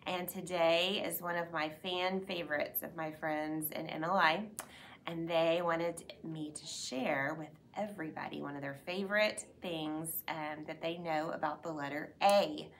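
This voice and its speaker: A woman's voice: lowish voice, creaky, fairly bright tone, a little hiss or hum. A woman reading teacher giving an upbeat school announcement segment, drawing out letter sounds to demonstrate them.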